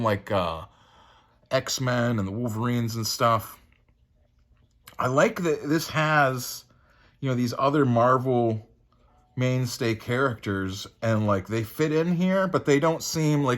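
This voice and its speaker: A man's voice: medium pitch, fairly bright tone. A man casually reviewing a comic book, rambling and laid-back with lots of fillers.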